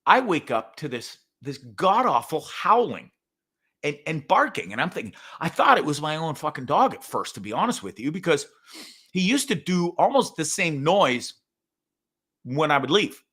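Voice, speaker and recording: A man hosting his own show, telling a story in a profane, animated rant with sudden loud outbursts. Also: fairly high pitch, normal speed, slightly rough. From Canada. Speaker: podcast host. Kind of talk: casual ranting monologue.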